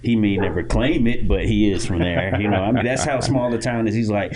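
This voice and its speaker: Over a noisy crowd, a young Florida man with a lowish voice talks fairly quickly as he co-hosts a podcast. He tells a childhood story in casual chat, full of fillers and restarts, and animatedly does loud impressions of others when quoting them.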